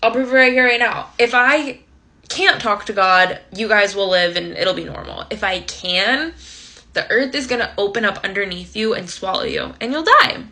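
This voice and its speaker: A woman's voice: mid-range voice, lively intonation, normal speed, sharp tone. A woman voicing Moses as a fed-up, whiny male leader who talks casual slang. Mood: exasperated. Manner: exasperated, slangy.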